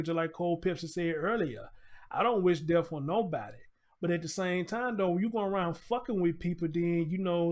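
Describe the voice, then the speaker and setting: High-voiced man ranting with swear words. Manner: blunt, repetitive, heated, swears a lot. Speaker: show host. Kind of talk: profane commentary rant.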